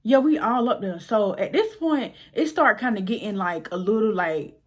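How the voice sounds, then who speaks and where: A young woman vlogger telling a casual storytime tale, animated and slangy, acting out the people in it. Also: mid-range voice, normal speed. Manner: animated, slangy, acts out voices.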